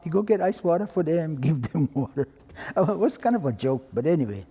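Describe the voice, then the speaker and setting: Husky-voiced old man with Hawaiian Pidgin lilt. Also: fairly high pitch, big pitch swings, a little fast, mellow, big-room sound. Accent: Hawaiian Pidgin-tinged English. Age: 80s. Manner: plain-spoken, acts out quoted voices. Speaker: retired fire chief. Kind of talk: oral-history storytelling.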